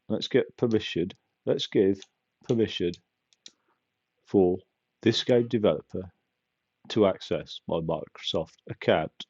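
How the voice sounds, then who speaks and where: A man's voice: low voice, measured pace, long pauses, darkish tone, breathy edge, dry recording, highs cut off. A man giving casual gameplay commentary, rambling and joking with wry asides as he plays. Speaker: gaming video host.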